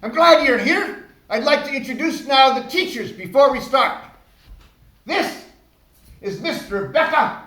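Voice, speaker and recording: A man playing a showy middle-aged male camp director with a fake Australian air, announcing in a loud, drawn-out voice. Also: very high voice, lively intonation, pitched above the performer's own voice, heavily acted. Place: small theater stage. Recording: echoey room.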